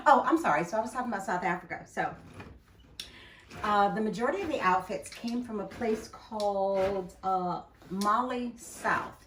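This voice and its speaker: An older woman chatting casually to camera in her home kitchen, talking warmly and laughing often as she makes juice. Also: medium pitch. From United States. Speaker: home juicing vlogger. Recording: roomy kitchen, mic at a distance, loud appliance noise.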